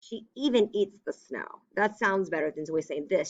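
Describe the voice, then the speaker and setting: A woman's voice: medium pitch, animated, normal speed, dull audio. A woman teacher giving a remote lesson to young children, explaining step by step in a patient, upbeat way.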